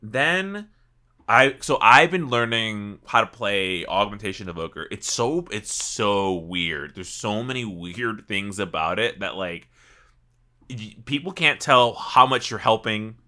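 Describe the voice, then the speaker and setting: A man co-hosting a casual gaming podcast, explaining things in an animated way and laughing often. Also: lowish voice, unhurried. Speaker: podcast co-host.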